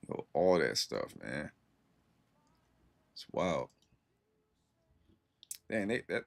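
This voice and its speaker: A young man talks loosely to his stream viewers, slangy and unhurried. His voice sits a little low, and he comes through a close computer mic. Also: sing-song, vocal fry. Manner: laid-back slangy storytelling, reacting to chat. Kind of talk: casual chat with stream viewers.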